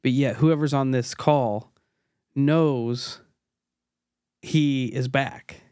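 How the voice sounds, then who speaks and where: A man's voice: mid-range voice, very slow, dark tone, clean tone, dry recording, studio quality. A man co-hosting a podcast, talking through a recording in a casual, analytical way, with restarts. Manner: analytical, pointing out details, with restarts. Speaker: podcast co-host. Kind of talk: casual chat.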